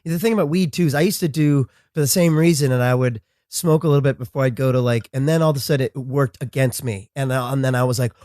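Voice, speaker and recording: A man's voice: mid-range voice, fast, few pauses, darkish tone, dry recording, clean studio sound. A man in a casual chat, reacting briefly and supportively, then sharing his own experience openly. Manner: supportive short reactions, then open and candid.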